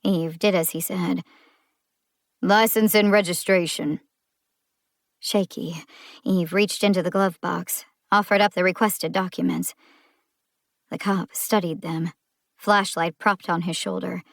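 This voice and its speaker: A woman narrating a thriller audiobook in a measured storytelling style. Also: lowish voice, steady tone, vocal fry, no room sound, clean studio sound.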